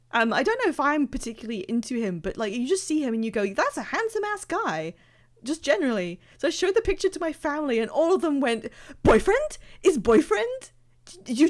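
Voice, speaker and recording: Young british woman rambling on a game stream, keeps cutting herself off, a bit high-pitched. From Britain. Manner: chatty, rambling, self-interrupting. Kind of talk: casual live-stream chat.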